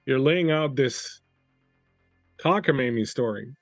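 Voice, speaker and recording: A man's voice: medium pitch, animated, a little slow, dry recording, clean studio sound, faint music behind. A man whose first language is French, running a tabletop game in a loose, chatty way with many fillers. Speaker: game master.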